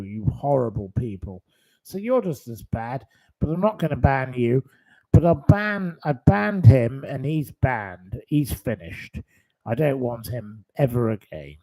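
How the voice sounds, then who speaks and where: Channel host, male, slow, indignant scolding rant. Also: on the high side, mellow. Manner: indignant, scolding, hurling insults. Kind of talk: angry livestream rant.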